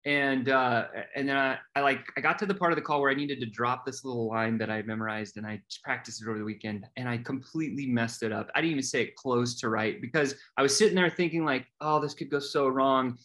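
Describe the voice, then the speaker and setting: A middle-aged man telling his story in a casual chat, animated and full of fillers, acting out the voices he quotes. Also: medium pitch, fast talker, few pauses.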